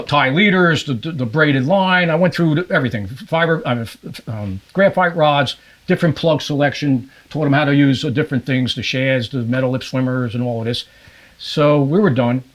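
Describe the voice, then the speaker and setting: A man's voice: mid-range voice, moderate pace. An older man from New Jersey, a podcast guest and fishing guide, telling stories in a casual interview and acting out other people's voices. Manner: animated, acts out the voices of others in his anecdotes.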